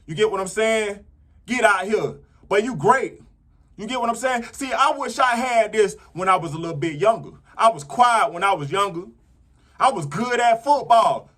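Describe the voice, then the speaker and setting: A man's voice: sits high, lively intonation, normal speed, fairly bright tone. A man giving a casual motivational talk to camera, talking conversationally and checking in with his listeners again and again. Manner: conversational, repeats "you get what I'm saying". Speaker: motivational vlogger.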